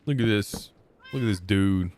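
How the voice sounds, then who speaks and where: A man's voice: fairly low pitch, moderate pace, darkish tone. A man livestreaming a game, chatting casually to his viewers as he narrates each move he makes. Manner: chatty, narrates his moves and talks to chat. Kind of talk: live gameplay commentary.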